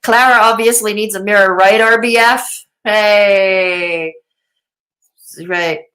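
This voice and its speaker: A woman's voice: medium pitch, steady tone, takes it slowly, bright, forceful tone. A woman hosting a live commentary stream, reading chat aloud in a sarcastic, chatty way and laughing often. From Canada. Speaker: commentary livestream host.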